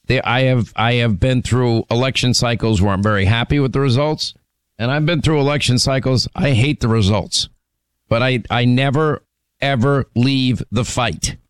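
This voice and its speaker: A man's voice: mid-range voice, smooth, dry recording. A man hosting a political talk radio show, firm and opinionated, often restarting his sentences as he argues his points. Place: radio studio.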